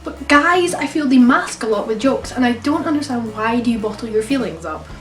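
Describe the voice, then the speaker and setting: A woman's voice: on the high side, lively intonation, fairly quick, soft background music. A young woman with a cold, talking casually in an exasperated, questioning vlog monologue. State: has a cold. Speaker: vlogger. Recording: roomy, from a distance.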